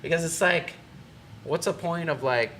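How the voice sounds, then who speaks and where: A man's voice: a little high, moderate pace, bright, forceful tone, a little hiss or hum. A man guest on a casual podcast, a muralist who talks in a laid-back, rambling way full of fillers. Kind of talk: casual chat.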